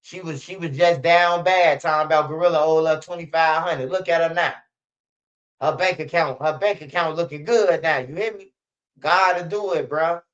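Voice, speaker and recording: A man's voice: a little high, normal speed, a bit bright. A man from Chicago hosting a commentary channel, telling stories in slangy street talk and acting out what people said. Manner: slangy storytelling, acts out quotes. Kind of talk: casual street-news commentary. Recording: dull lo-fi sound.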